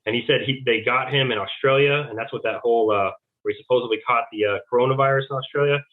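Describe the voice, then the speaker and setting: Fast-talking man on a tinny line. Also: medium pitch, steady tone. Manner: rambling, acts out quoted back-and-forth dialogue. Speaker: interview guest. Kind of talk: casual testimony.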